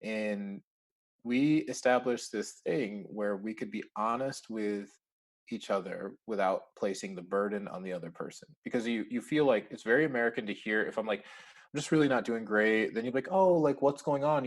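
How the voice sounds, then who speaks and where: A man's voice: lowish voice, moderate pace. Man, podcast guest, casual chat, laughs a lot, acts out little exchanges. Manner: chatty, laughs often, acts out remembered dialogue. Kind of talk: casual interview conversation.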